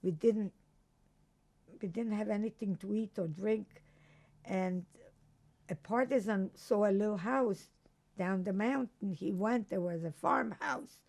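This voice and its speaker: An older woman from Croatia giving an oral history testimony, recalling events slowly with halting restarts. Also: mid-range voice, vocal fry, darkish tone. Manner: slow, halting recollection with restarts. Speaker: interviewee.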